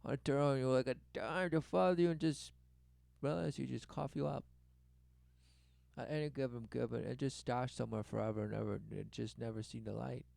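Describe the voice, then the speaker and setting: A man giving rambling commentary on a video, swinging from loud exclamations to low muttering and repeating words over and over. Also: steady tone, a little fast, vocal fry, dry recording. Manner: repetitive, breathless wordplay. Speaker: commentator reacting to a documentary.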